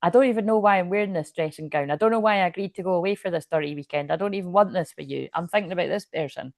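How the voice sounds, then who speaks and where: A woman's voice: fairly low pitch, very fast, no echo, studio quality, close to an everyday voice. A woman doing an exasperated partner who wants out. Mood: fed up. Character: partner fed up and wanting out.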